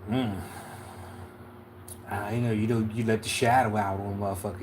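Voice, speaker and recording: A man's voice: fairly low pitch, little pitch movement, moderate pace, pauses often, a little mellow, a little hiss or hum. A man from Philadelphia hosting a casual livestream tarot reading, laid-back and slangy, often checking in with "you know what I'm saying". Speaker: tarot reader, livestream host.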